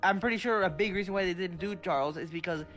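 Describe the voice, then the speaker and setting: Excitable young podcast co-host, chatty. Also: mid-range voice, soft background music. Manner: excitable, laughs often, quick asides. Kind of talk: casual chat.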